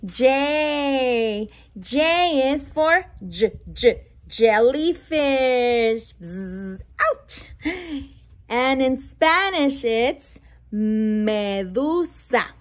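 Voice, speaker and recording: A woman reads a bilingual picture book aloud to toddlers in a high, expressive voice. She goes slowly, stressing each letter sound one by one, and adds playful animal noises.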